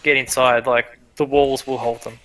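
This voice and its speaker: A man's voice: mid-range voice, little pitch movement, moderate pace, a bit bright, slight background noise, natural voice. A man voicing a stern male guard commander, wary but decent, who gives clipped orders. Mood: firm.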